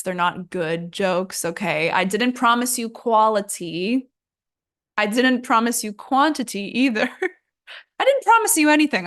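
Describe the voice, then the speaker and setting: A woman's voice: medium pitch, a bit bright. A young woman teaching an English lesson in a casual, chatty way, laughing at herself and using lots of fillers.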